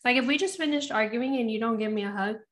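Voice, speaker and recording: A woman with a somewhat high voice chats candidly into a podcast mic. She is confiding and talkative, laughs easily and swears in passing. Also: fast talker, a bit bright. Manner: chatty, confiding, laughs often, profane. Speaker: podcast co-host. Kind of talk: candid casual chat.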